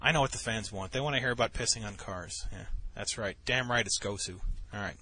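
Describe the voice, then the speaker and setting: A man's voice: lowish voice, fairly quick, background noise. A man commentating over a game replay, telling a rambling, profane story in a casual way, full of restarts.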